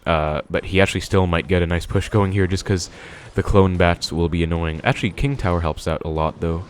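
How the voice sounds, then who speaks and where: A man's voice: low-pitched, fairly quick, smooth. A young man giving casual commentary on his own gameplay, thinking aloud with many fillers. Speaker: gaming video creator.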